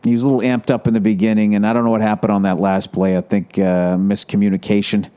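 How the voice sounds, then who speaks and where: A man's voice: lowish voice, little pitch movement, fast talker, dark tone, clean tone. A man hosting a solo podcast, ranting about sports in a profane, sarcastic way. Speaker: podcast host.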